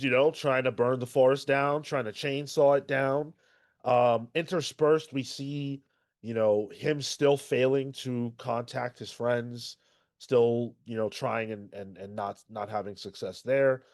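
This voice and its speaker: A man's voice: medium pitch, fairly even intonation, measured pace, no room sound, studio quality. A man hosting a casual comics podcast, talking energetically and loosely about the week's books. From Irish heritage. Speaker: podcast host.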